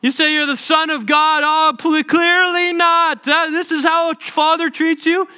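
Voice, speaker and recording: A man's voice: very high-pitched, fairly even intonation, a little slow, bright, forceful tone, voice pushed up, heavily acted. A man voicing a mocking crowd that taunts a condemned man with sarcastic jeers. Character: sneering mocking crowd at a crucifixion.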